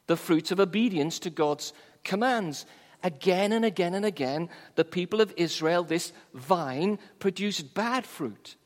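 A man preaching a sermon, teaching from the Bible in a measured, emphatic way. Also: high voice, big-room sound.

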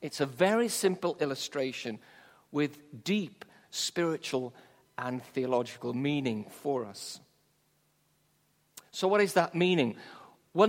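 Man preaching with long reverb. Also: a little high. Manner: measured, emphatic Bible teaching. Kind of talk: sermon.

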